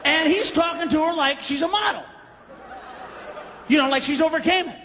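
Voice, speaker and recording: A man doing a stand-up comedy routine, ranting and swearing, breaking into shouted impressions. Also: normal speed. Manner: profane, ranting, shouts into high-pitched impressions. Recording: live hall with audience, faint crowd noise.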